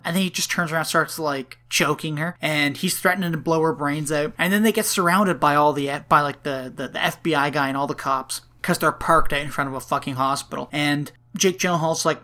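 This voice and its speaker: Podcast co-host, mid-pitch, bright and forward, rambling profane plot recap. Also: normal speed, few pauses. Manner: rambling, profane retelling with frequent laughs. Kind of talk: casual movie recap.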